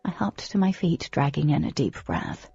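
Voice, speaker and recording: A woman narrating a first-person audiobook in an expressive, dramatic storytelling manner, on a close microphone. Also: deep voice, normal speed, gravelly, breathy edge, no echo, lo-fi sound, faint music behind.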